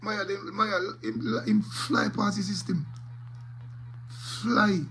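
A man with a Jamaican accent rambles on in patois, cursing freely as he gives his take. His voice sits a bit high for a man and rings bright and forceful. Faint noise hums behind him. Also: big pitch swings, normal speed, low-quality recording. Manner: rambling patois talk peppered with curses. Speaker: DJ and vlogger. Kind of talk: casual commentary to camera.

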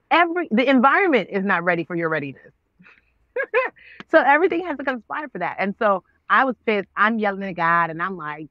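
A woman's voice: fairly low pitch, fairly quick, dry recording, dull audio. A woman in her thirties, an actress and author, telling her story as an interview guest, acting out past conversations with God. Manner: expressive, acts out her own past dialogue with God. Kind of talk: animated storytelling.

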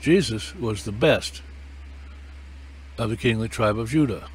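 A man's voice: on the low side, measured pace, husky. A man preaching a sermon, emphatic and repetitive, his voice rising and falling with feeling.

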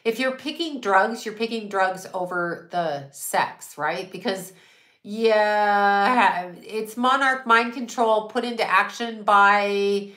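A woman's voice: medium pitch, slow pace, pushed and bright, roomy sound. A woman psychic medium in a casual channeling monologue, blunt, profane and rambling, often laughing.

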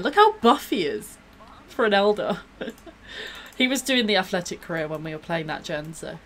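A woman's voice: medium pitch, a bit bright, a little hiss or hum. A woman gives bubbly, gushing live-stream commentary while she plays a game, gasping and laughing often.

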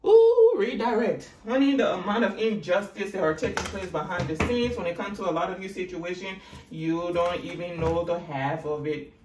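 A woman with a West African accent giving a casual, sassy tarot reading, with big swings in pitch as she talks. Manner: sassy and animated, with big swoops in pitch and laughter. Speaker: tarot reader. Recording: roomy, distant mic with faint noise.

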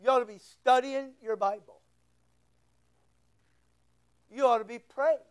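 A man's voice: extremely high pitch, steady tone, measured pace, smooth. A man preaching a sermon as pastor, emphatic and rhetorical, repeating his phrases.

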